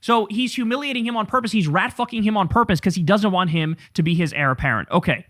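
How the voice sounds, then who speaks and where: A man's voice: high-pitched, fast talker, fairly bright tone, no echo, studio quality. A man hosting a political commentary show, ranting in a profane, sarcastic, fired-up way.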